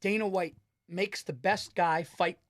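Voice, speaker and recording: A man hosting a podcast, telling stories in animated, profane casual chat. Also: high-pitched, a little slow, dry recording, studio quality. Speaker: podcast host.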